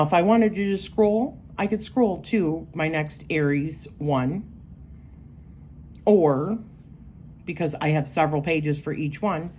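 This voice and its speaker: A woman's voice: deep voice, a little mellow, a little hiss or hum. A woman giving a casual, rambling walkthrough of her astrology journal pages, thinking aloud with lots of fillers. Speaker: tarot and astrology creator.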